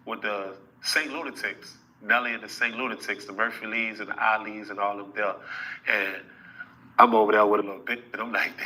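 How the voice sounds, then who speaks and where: A man spinning a brash, slangy story in an easy storytelling flow. His voice is strikingly bright and forward, and he keeps checking in with his listener as he goes. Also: mid-range voice, poor audio. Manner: boastful and slangy, with frequent tag questions. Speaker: rapper telling a story in an interview clip. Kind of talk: casual storytelling.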